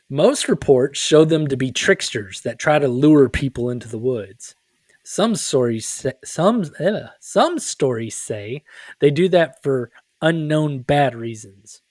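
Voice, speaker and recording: A man's voice: mid-range voice, lively intonation, takes it slowly, a little mellow, dry recording, studio quality. A man co-hosting a casual podcast, chatting in a joking way with goofy asides and frequent laughs. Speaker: podcast co-host. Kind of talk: casual chat.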